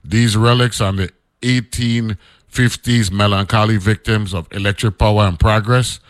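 A man's voice: on the low side, steady tone, moderate pace, no echo. A man, hosting a radio show and reading an old newspaper article aloud, breaking off into loose, chatty asides.

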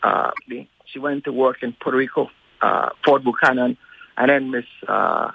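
A male radio guest recounting local history, speaking deliberately slowly with many ums and uhs. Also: medium pitch, gravelly, breathy edge. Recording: tinny phone line.

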